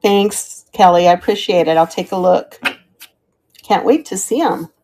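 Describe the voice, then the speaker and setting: Speaking a little slowly in a fairly low, dark voice, a middle-aged live auction seller chats through her live-stream sale of vintage goods, thanking viewers by name.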